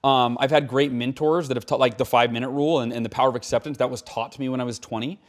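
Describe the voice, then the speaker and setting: A man in his forties, a guest author speaking in a casual interview, earnest and animated, acting out quotes as he tells stories. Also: mid-range voice, very fast.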